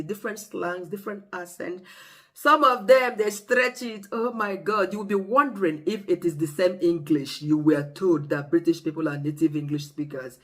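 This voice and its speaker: A vlogger with a Nigerian accent talks straight to camera in a relaxed, chatty way. The delivery is expressive and animated, with vivid storytelling. The voice sits at a middling pitch. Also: normal speed. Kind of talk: casual talk to camera.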